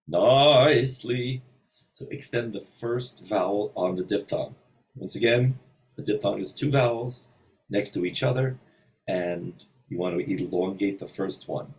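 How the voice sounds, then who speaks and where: A man giving an informal singing lesson in a hotel room, thinking aloud with many pauses and breaking into short sung examples. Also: deep voice, darkish tone, recorded from a distance, poor audio. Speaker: voice teacher.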